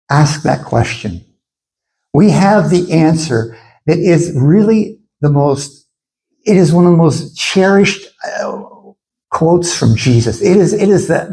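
A man preaching a sermon in an animated way, acting out the voices of his listeners as he goes. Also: fairly high pitch, rough recording. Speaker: pastor.

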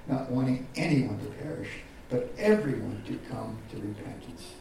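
A pastor preaching a sermon, often repeating words and swinging from loud highs to quiet lows. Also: male voice, a little hiss or hum. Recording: echoey hall from far off.

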